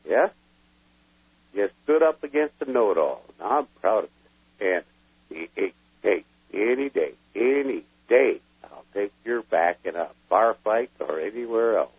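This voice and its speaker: A man calling into a radio show as a military veteran, talking in a gruff, folksy, emphatic way, with a husky voice. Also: lowish voice, big pitch swings, measured pace, no echo. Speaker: call-in caller, military veteran. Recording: tinny dry phone line.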